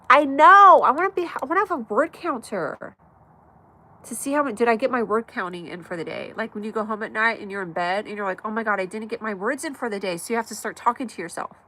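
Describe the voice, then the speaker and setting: A slightly high, brisk voice belongs to a woman streaming casually at night from her mom's house. Chatty and meandering, she reads the chat out loud, laughs frequently, and lets out sudden excited shouts.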